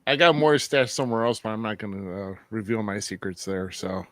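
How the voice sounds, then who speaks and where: A man's voice: lowish voice, a little fast, fairly bright tone, dry recording. A man hosting a podcast, chatting casually from his home studio and laughing often. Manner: laughs often, brief responses. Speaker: podcast host. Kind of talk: casual chat. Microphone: home studio mic.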